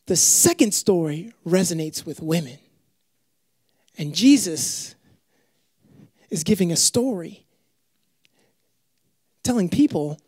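A young adult man preaching a sermon in an animated, joking storytelling manner. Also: high voice, takes it slowly, long pauses, breathy edge, no echo.

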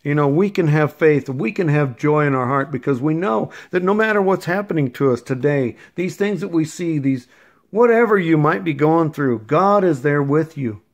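A man with a slightly high voice preaches to his listeners in an informal, rambling way. He speaks earnestly and wanders off into asides and stories. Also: lively intonation, moderate pace. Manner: storytelling. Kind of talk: informal sermon.

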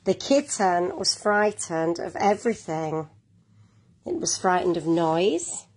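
A woman reading a picture book aloud to children, gently adding little asides to young viewers. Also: fairly low pitch, slow. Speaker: storyteller.

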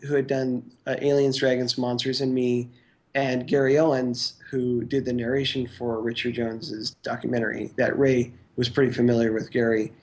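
Rambling man telling stories. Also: mid-range voice. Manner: rambling, full of "like" and "you know". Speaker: guest stop-motion animator. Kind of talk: casual interview recollection.

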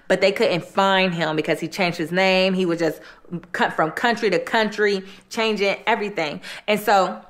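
A woman hosting an eating show, telling a true-crime story in a loose, chatty way. She circles back and repeats phrases as she goes, at a middle pitch. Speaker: host.

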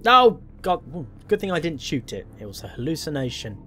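A man's voice: on the high side, sing-song, fairly quick, bright, forceful tone, a little hiss or hum. A man playing a horror game and commenting on it, wry and self-mocking as he thinks aloud. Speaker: gameplay commentator. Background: faint game music.

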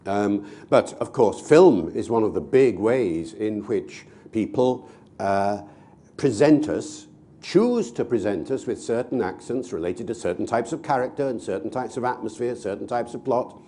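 A man's voice: fairly low pitch, animated, measured pace, warm tone. A man giving an expansive online talk, explaining with many asides. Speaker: language expert.

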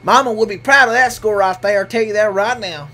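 A man ranting and swearing through online gameplay with friends, breaking into loud angry shouts. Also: high-pitched, brisk, faint music behind. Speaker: gamer.

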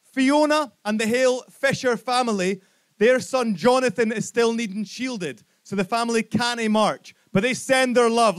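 A man's voice: very high-pitched, normal speed, clear, resonant tone. A man with a Scottish accent, compering a rally with chatty, jokey announcements.

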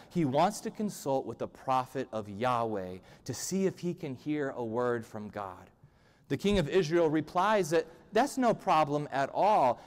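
A male pastor giving a humorous, conversational sermon in a church. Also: on the high side. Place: church sanctuary. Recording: long church-hall reverb.

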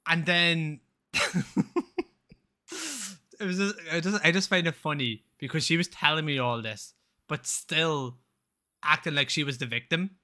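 Bright-voiced young man. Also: fairly high pitch, a little slow, pauses often. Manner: animated, rambling, swears freely. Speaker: game streamer. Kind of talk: casual storytelling while gaming.

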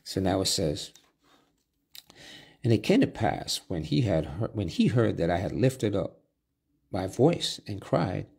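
A man's voice: low-pitched, big pitch swings, a little slow, creaky, pauses often, darkish tone, husky. A man preaching a Bible study sermon, reading scripture aloud and then explaining it in plain talk with restarts and asides.

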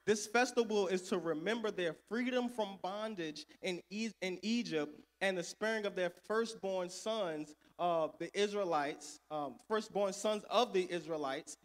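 A man preaching a sermon, calling for responses and swinging between loud and soft. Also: sits high. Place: church sanctuary. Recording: echoey church hall.

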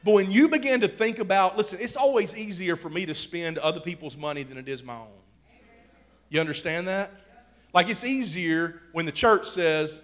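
A pastor in his thirties delivers a sermon from the pulpit in a fairly high, light voice. He is folksy and quick to joke at his own expense. His delivery swings from quiet, confiding asides to shouted exhortation. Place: church sanctuary.

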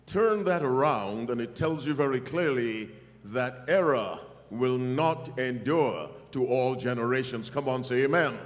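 A man's voice: medium pitch, a little slow, in a large hall. A man preaching a revival sermon to a congregation, emphatic and calling for their responses. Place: church hall.

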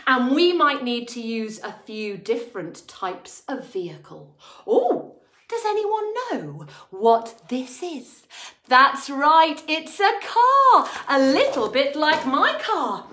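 A woman leading a lively drama class for small children, talking in an animated sing-song way and making playful sound effects. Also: high-pitched, slow pace. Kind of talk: lively lesson for toddlers. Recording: echoey room with backing music.

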